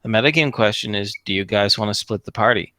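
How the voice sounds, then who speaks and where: A man's voice: on the low side, fast talker, bright, forceful tone, no room sound. A man running a tabletop game as game master, rambling and correcting himself as he goes.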